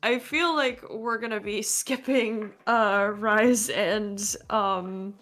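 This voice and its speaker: A woman's voice: mid-range voice, steady tone, slow, fairly bright tone, soft background music. A woman running a tabletop role-playing game, dryly calling out a tipsy player. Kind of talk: casual tabletop game chat.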